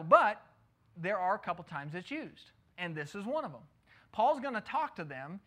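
Middle-aged guy preaching, bright forceful voice, chatty, keeps asking the crowd questions. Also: high voice. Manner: conversational, asks the listeners rhetorical questions. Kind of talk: sermon, Bible teaching.

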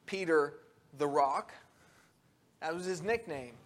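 A man preaching a sermon, animated, his voice rising loud when he acts out quotes and dropping soft and low on solemn points, with halting restarts.

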